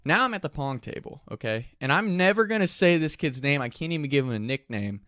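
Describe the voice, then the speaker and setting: A man casually telling a story, animated and profane, often laughing as he talks. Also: on the high side, a little fast, dry recording, studio quality.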